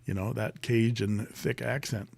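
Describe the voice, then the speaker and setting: A man with a lowish voice hosts a casual live stream, reading viewer comments and rambling through answers with plenty of ums and uhs. The sound is dry and close, with no room echo. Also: steady tone, unhurried, gravelly, a little mellow, slightly rough. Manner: chatty, rambling, many fillers, reads comments aloud.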